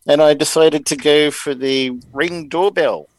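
A man's voice: fairly high pitch, a little slow, no room sound, low-quality recording. A man hosting a podcast, chatting casually and rambling with many fillers. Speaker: podcast host. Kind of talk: casual chat.

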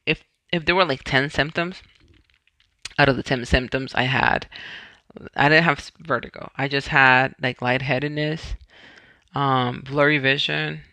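Gravelly man telling a personal story. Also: fairly high pitch, sharp tone, no echo. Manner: conversational, retells scenes and often corrects himself. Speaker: podcast host. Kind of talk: personal health story podcast.

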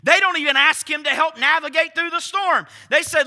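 A man's voice: very high voice, fairly quick, hardly any pauses, sharp tone. A man preaching a sermon emphatically, firing rhetorical questions at his congregation. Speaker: pastor.

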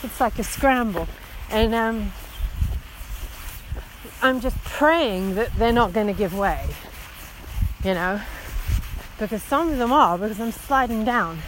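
Slow-talking woman recounting a hike. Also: a little high. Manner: emotional, breathless retelling with many fillers. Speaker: long-distance hiker. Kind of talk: personal storytelling recording. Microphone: phone. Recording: phone recording with clear background noise outdoors.

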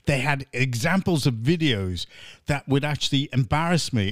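A man hosting a satirical pub-style podcast chat, bossy and teasing, quick to laugh. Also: medium pitch, animated, dry recording, clean studio sound. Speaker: podcast host.

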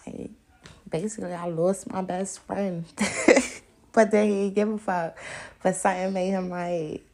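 A woman's voice: mid-range voice, measured pace, vocal fry. A woman hosting a podcast, talking bluntly and with profanity in a casual monologue, often laughing as she tells stories. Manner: animated storyteller. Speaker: podcast host.

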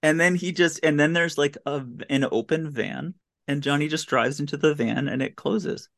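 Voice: medium pitch, normal speed, creaky, fairly bright tone. A podcast host giving a casual, comedic recap of a film, with incredulous, sarcastic commentary.

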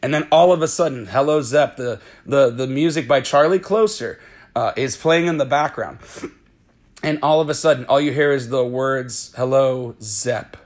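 Excitable man recapping a movie plot. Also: medium pitch, normal speed. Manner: excitable storytelling, swears freely, acts out the characters' lines. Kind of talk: casual spoiler-filled movie recap.

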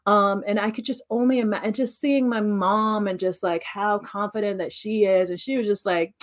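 Speaking a little fast with few pauses, this late-thirties woman has a mid-range voice. As a podcast co-host, she chats casually and spins animated stories, performing the voices of anyone she quotes.

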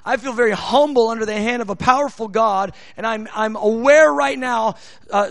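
An American man delivers a sermon in a fairly high voice, his delivery halting with many restarts before it swells into shouted, impassioned prayer. The sound is dry and close, with little room around it. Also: no echo. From United States. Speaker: preacher.

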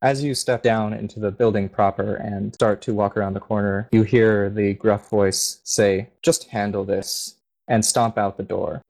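A man narrating a tabletop game as game master, steady and descriptive. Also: fairly low pitch, poor audio.

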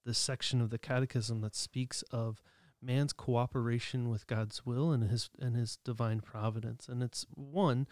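A man co-hosting a faith podcast reflects aloud in a loose, conversational way. He stops and restarts often, fills pauses, and chuckles to himself. His voice sits at a middle pitch, recorded close and dry with no room sound. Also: fairly even intonation, a little mellow, dry recording. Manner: conversational, many restarts and fillers, chuckling asides. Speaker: podcast co-host. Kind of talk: casual reflective commentary.

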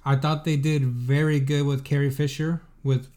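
A young man chatting casually as co-host, speaking in a measured, somewhat hesitant way with false starts. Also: fairly high pitch, level tone, a little mellow. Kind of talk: casual chat.

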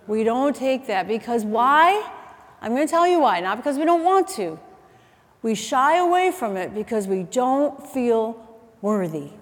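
A middle-aged woman preaching a sermon, chatty and animated, telling stories with asides and quick self-corrections. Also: on the high side, long reverb tail. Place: church auditorium.

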